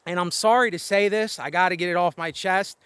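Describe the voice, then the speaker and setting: A man's voice: sits high, fairly even intonation, a little fast, fairly bright tone, clear, resonant tone, no echo. A man venting in a rambling, weary, frustrated way, out of breath, recorded outdoors in the wind. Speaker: vlogger. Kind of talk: candid venting monologue. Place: outdoors, windy spot above a road.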